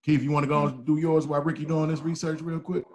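A man's voice: a little high, little pitch movement, fast, darkish tone. A man hosting a casual group chat, laid-back and joking, often repeating himself. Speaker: podcast host.

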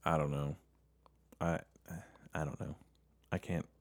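Podcast co-host, young man, very low voice, unsure and self-mocking, trails off mid-thought. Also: little pitch movement, unhurried. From Southern United States. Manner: hesitant, self-deprecating, trails off a lot. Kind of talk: casual chat.

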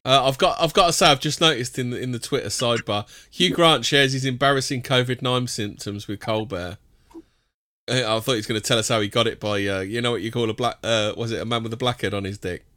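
A man's voice: mid-range voice, quick pace, sharp tone, dry recording. A man hosting a casual podcast, dry and teasing, who ends his lines with tag questions. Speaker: podcast host. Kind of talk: casual banter.

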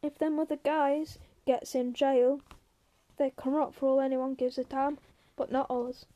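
A gruff, weary ranch hand scolds and grumbles, as a woman reads him aloud. The voice is high and mellow. It is a plain audiobook reading. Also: flat delivery, unhurried.

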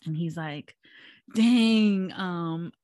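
A young woman co-hosting a casual chat podcast, telling stories in an animated way, acting out quotes and swearing freely. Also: lowish voice, normal speed, no echo, studio quality. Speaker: podcast co-host.

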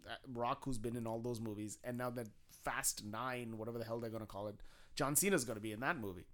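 A man on a podcast, chatting casually and excitedly, swearing and laughing as he explains things. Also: mid-range voice, fast. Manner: excited, laughing, swears often, acts out quotes. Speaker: podcast co-host. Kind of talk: casual chat.

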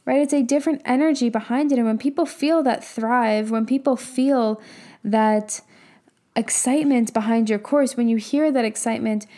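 Warm-voiced woman giving a pep talk. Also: fairly high pitch, fairly even intonation, moderate pace. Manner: emphatic and casual, swears, rhetorical questions. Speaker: business and mindset coach. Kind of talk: motivational talk.

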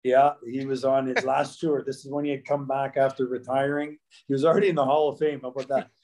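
A man's voice: mid-range voice, flat delivery, fast talker, a little mellow, low-quality recording. A man in his fifties, a former pro hockey player, telling long stories as a guest in a casual interview, full of restarts and fillers. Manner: rambling, with many restarts and fillers.

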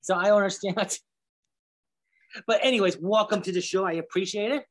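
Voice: mid-range voice, fairly quick. A host interviewing guests, asking loose, rambling questions. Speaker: podcast host.

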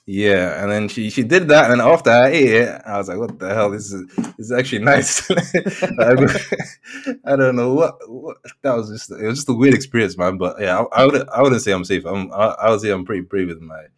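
A man's voice: on the low side, animated, brisk. A man telling a story in a casual podcast chat, laughing often and using slang. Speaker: podcast co-host.

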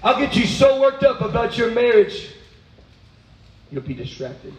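High-pitched guy preaching, lots of up and down, sounds roomy. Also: a little slow, slight background noise. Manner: animated, swings from low asides to high exclaiming. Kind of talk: sermon.

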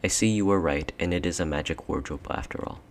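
A man's voice: sits low, fast, a little hiss or hum. A man reading an audiobook, voicing a greedy, snappish schoolboy who pleads. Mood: pleading.

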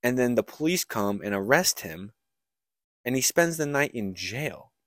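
A man's voice: mid-range voice, animated, a little slow, dry recording, clean studio sound. A young man co-hosting a podcast, casually recapping a book plot with lots of likes and restarts. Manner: rambling storyteller, many likes and restarts. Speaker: podcast co-host.

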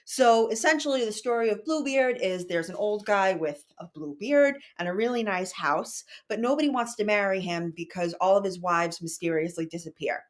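Young woman, podcast host; chatty, explanatory, mid-pitched. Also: animated, moderate pace, hardly any pauses. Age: young adult. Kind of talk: casual book discussion.

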